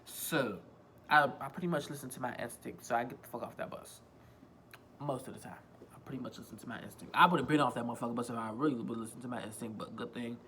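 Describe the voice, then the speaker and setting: A man's voice: mid-range voice, fast, pushed and bright, a little hiss or hum. A man vlogging a casual storytime on a phone, rambling, repeating himself and swearing freely. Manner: rambling, profane, self-repeating.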